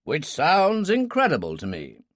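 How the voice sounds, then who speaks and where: A man's voice: on the high side, wildly swooping pitch, unhurried, a bit bright, no room sound, clean studio sound, voice pushed up, heavily acted. A man voicing a genial, courtly older brigadier in an audiobook.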